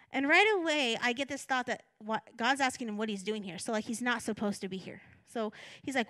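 Woman, pastor, sermon, conversational, higher pitch. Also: brisk, few pauses, bright, forceful tone, no room sound. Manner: conversational, self-deprecating, acts out her own inner voice.

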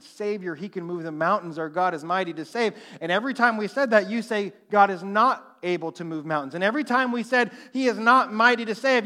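A young man preaching a sermon, telling stories with lively acted-out quotes and dropping to a hush for emphasis. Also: sits high. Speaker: pastor.

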